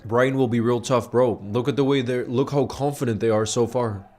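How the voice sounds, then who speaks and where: A man at a middling pitch hosts a football watch-along stream with easygoing, friendly chatter. He reads out viewer messages and gives them shout-outs in a relaxed, matey way between his reactions to the game. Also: a little fast. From grew up largely in New York. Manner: laid-back and chummy, calling viewers "bro" and giving shout-outs. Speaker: livestream host of a match watch-along. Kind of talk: casual live watch-along chat, reading out viewer messages.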